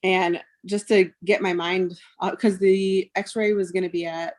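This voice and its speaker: Unhurried and fairly low, with a darkish tone and little pitch movement, this woman in her thirties tells a podcast about something painful. She is a mother and guest, retelling it emotionally, quoting others and using "um" and "like" a lot.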